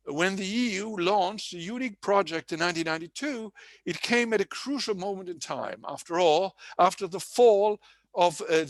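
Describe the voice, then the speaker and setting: Male conference speaker, formal delivery with frequent self-corrections, slightly high-pitched, dry sound. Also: dry recording. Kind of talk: prepared speech read aloud. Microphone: online conference setup.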